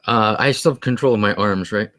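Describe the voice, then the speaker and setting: A man playing a tabletop game, describing his character's actions in a hesitant, unhurried way. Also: on the low side, a bit bright, no room sound. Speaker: player.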